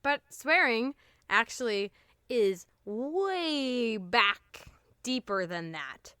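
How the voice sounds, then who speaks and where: A woman's voice: on the high side, very animated, very slow, sharp tone, clean tone, no room sound, studio quality. A woman co-hosting a casual comedy podcast, playful and jokey, laughing often and swearing freely. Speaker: podcast co-host.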